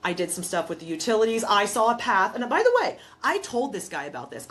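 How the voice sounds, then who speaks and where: A woman's voice: a little high, sing-song, moderate pace. A woman property manager and investor talking in a casual podcast conversation, explaining things emphatically and telling stories in which she acts out both sides.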